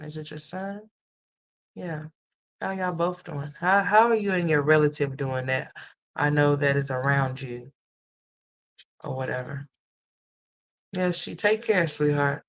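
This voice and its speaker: A livestream commentary host chatting casually with viewers and reading their comments. Swings between blunt, profane scolding and soft, tender well-wishes. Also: medium pitch.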